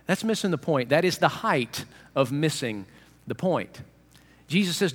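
Lively male pastor in a reverberant hall. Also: fairly high pitch, normal speed, husky. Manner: animated, humorous, acts out voices. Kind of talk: sermon.

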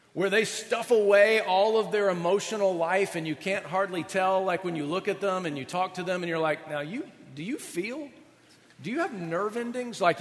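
A male pastor preaching a chatty, animated sermon, often asking his audience questions. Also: high-pitched, big-room sound.

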